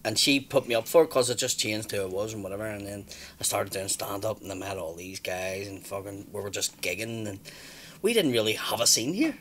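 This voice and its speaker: A man's voice: lowish voice, fairly quick, fairly bright tone, a little hiss or hum. A man in his thirties with a Belfast accent, a stand-up comedian telling stories bluntly, swearing freely and acting out what people said. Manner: blunt storyteller, swears freely, acts out quotes. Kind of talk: casual chat.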